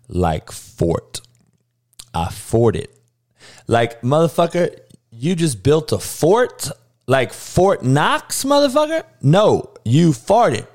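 Animated, foul-mouthed man ranting on a podcast. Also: medium pitch. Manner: loud, animated, mocking pronunciations, swears constantly. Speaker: podcast host. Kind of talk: profane comedic podcast rant.

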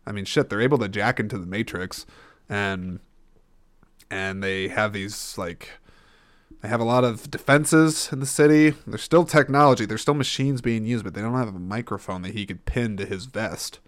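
A man's voice: lowish voice, moderate pace, no echo. A man hosting a solo podcast, rambling and thinking aloud, often stopping and restarting. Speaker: podcast host. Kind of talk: casual solo podcast talk.

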